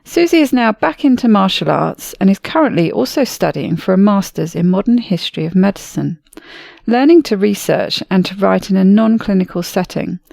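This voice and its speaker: A woman's voice: medium pitch, vocal fry, a little mellow, dry recording. A British woman hosting a podcast, reading a scripted introduction and then chatting in a friendly way with her guest. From Britain. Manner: friendly, chatty, laughs often. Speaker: podcast host. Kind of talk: scripted intro then casual interview chat.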